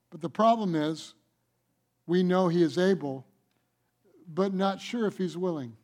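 High-voiced emphatic male preacher. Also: measured pace, pauses often. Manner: emphatic, swings from loud declarations to soft asides, acts out doubting voices. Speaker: pastor. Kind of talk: sermon.

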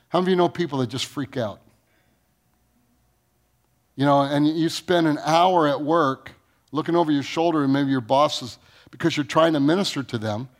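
A man preaching a sermon. He reads scripture aloud, asks the congregation questions, and swings from booming rises to low, quiet lines. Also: moderate pace, long pauses. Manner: preaching with sudden rises in pitch and volume, then dropping low. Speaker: pastor.

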